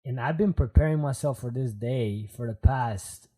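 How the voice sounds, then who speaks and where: A man with a mellow, dark-toned voice at a middle pitch talks as a Marine guest on a podcast. His delivery is earnest and reflective, dotted with "man". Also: normal speed, slightly rough. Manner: earnest, reflective, says "man" and "you know what I'm saying". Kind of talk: casual interview talk.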